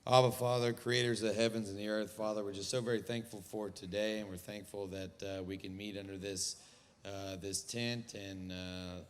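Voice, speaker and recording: A man leading a closing spoken prayer for a gathering in a large tent, halting, with many pauses. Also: lowish voice, long reverb tail, slight background noise.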